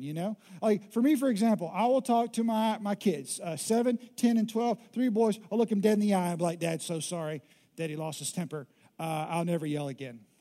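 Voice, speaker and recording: A man in his thirties preaching a sermon as pastor, emphatic and swinging from loud declarations to hushed, intimate lines. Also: high voice.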